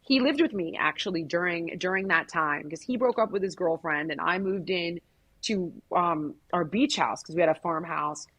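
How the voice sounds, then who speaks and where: Husky, blunt middle-aged woman. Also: lowish voice, normal speed, fairly bright tone. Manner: blunt, emphatic and profane. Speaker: interview guest. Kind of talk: candid conversational interview.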